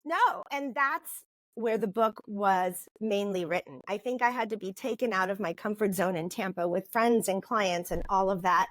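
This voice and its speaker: A woman in her fifties, a guest author, telling her story in a lively, casual interview with frequent "you know"s. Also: medium pitch, moderate pace, dry recording. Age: 50s.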